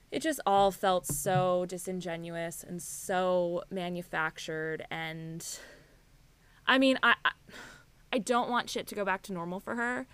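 Candid, bright-voiced woman podcast co-host. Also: fairly low pitch, a little slow, clear, resonant tone, no echo. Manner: candid and animated, frequent "like" and "I mean". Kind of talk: casual chat.

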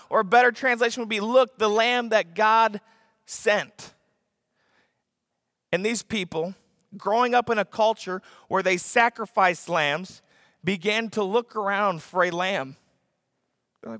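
Animated high-voiced preacher in a hall. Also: male voice, normal speed, long pauses, studio quality. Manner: animated storytelling, acts out voices, shouts for emphasis. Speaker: pastor. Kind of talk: sermon.

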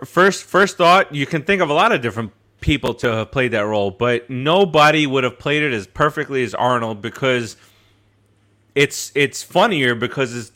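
A man's voice: medium pitch, bright, forceful tone. A man co-hosting a casual podcast chat, rambling with lots of restarts and laughs. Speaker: podcast co-host.

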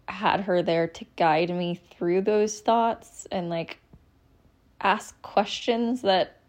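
A woman's voice: mid-range voice, darkish tone. A young adult woman hosting a solo podcast, talking candidly and rambling, with frequent ums and restarts. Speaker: podcast host. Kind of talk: casual solo podcast monologue.

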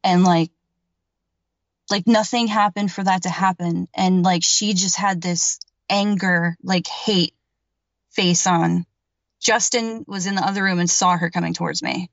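A woman's voice: lowish voice, steady tone, a little slow, dry recording. A woman telling a personal story as a podcast guest, rambling and emphatic, with lots of filler words and casual swearing. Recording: dull, dry lo-fi recording.

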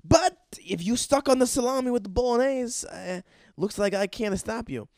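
Pushy restaurant owner guy, man putting it on, squeaky high and loud, insistent. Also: expressive, normal speed, no room sound, clean studio sound. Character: pushy male Italian restaurant owner, opinionated about his food.

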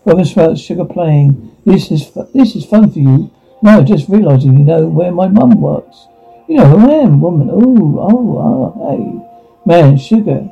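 A man's voice: fairly high pitch, animated, unhurried, gravelly, husky, faint music behind. A man reading all parts of a teen drama scene aloud, speaking the sound cues between the lines, on a dull lo-fi recording.

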